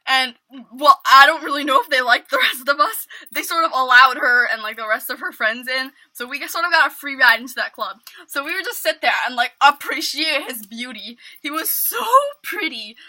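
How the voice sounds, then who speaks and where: A young woman from New York state tells a casual storytime to camera, rambling with lots of fillers. Her voice sits high and sounds very bright and sharp. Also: a little fast, hardly any pauses. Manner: rambling, heavy "like" fillers, mock-dramatic. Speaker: vlogger.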